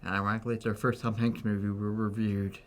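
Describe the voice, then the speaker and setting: Flat-toned laid-back man. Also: lowish voice, fast, noisy background. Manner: laid-back, brief agreeing replies. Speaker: co-host of a film review podcast. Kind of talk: casual movie review chat.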